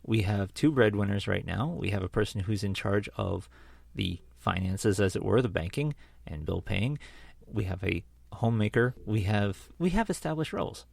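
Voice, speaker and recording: Gravelly New England man, wry and musing. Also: lowish voice, expressive, moderate pace, darkish tone, no echo. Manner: musing, wry, reasons things out aloud. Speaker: podcast co-host. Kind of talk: casual group chat.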